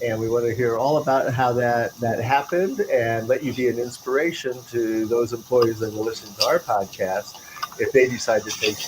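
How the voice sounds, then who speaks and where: A man hosting a podcast who opens the episode in a loose, joking way and introduces the guest. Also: medium pitch. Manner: jokey and loose, laughs between takes. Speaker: podcast host. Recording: noticeable background hiss.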